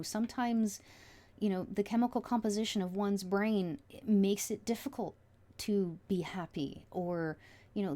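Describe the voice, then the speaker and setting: Excitable woman giving a tarot reading. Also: mid-range voice. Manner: excitable, emotional, often trails off and restarts. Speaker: tarot reader. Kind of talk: casual tarot reading to viewers.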